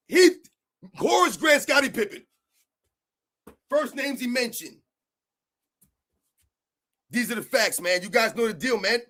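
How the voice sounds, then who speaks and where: Dude with a really high voice going off on a sports rant, pushy, says stuff twice. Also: male voice, expressive, slow pace, long pauses, sharp tone. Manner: emphatic, argumentative, repeats points. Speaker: sports commentary host.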